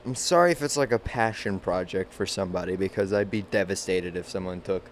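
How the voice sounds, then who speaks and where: A man's voice: deep voice, a little fast, slight background noise. A man in a casual, comedic rant about a movie, rambling, restarting sentences and trailing off. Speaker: movie vlogger.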